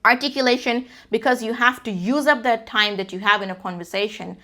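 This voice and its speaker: A woman's voice: fairly high pitch, steady tone, brisk, pushed and bright. A woman coaching viewers on spoken communication, lecturing emphatically and acting out examples in her own delivery. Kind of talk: direct-to-camera speaking lesson.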